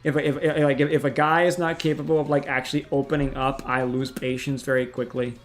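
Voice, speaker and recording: A man's voice: medium pitch, little pitch movement, fairly quick, hardly any pauses, soft background music. A man hosting a casual livestream chat, frank and profane, often stammering and restarting his sentences. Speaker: streamer host.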